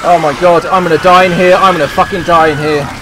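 A man's voice: fairly high pitch, fairly even intonation, fast talker, background noise. A man playing a survival game, talking to himself and swearing constantly as he panics. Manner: swears a lot, talks to himself while playing. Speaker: gameplay streamer.

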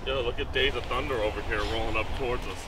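A man plays a young bully, taunting in a quick, sneering patter. Clear street noise sits behind him outdoors. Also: mid-range voice, fairly even intonation, close to an everyday voice. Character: mocking young male bully.

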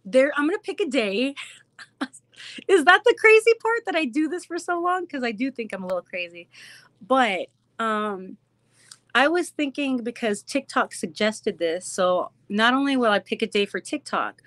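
Bubbly woman live streamer, somewhat high-pitched, effusive, drifts into a childlike voice. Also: sing-song, moderate pace, a bit bright, dry recording. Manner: bubbly, effusive, often slips into a little kid voice. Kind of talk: casual live stream chat with viewers. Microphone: phone.

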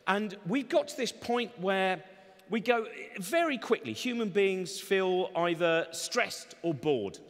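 High-voiced comedian in a big hall. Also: male voice, takes it slowly. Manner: rambling, energetic, sardonic asides. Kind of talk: stand-up comedy talk on stage. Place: large event hall. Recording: long reverb of a large hall.

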